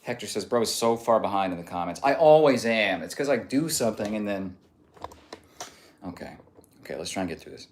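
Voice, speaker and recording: A man's voice: on the low side, expressive, a little fast, reverberant. A man hosting a casual livestream and reading out viewer comments, easygoing and often trailing off into a murmur. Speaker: livestream host. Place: home room on a stretching livestream.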